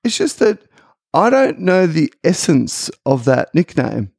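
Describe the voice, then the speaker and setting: Middle-aged Australian man, podcast co-host. Opinionated ranter, gravelly tone, dry close sound. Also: a little high, big pitch swings, a little slow, darkish tone, no room sound. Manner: ranting, opinionated. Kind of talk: casual chat.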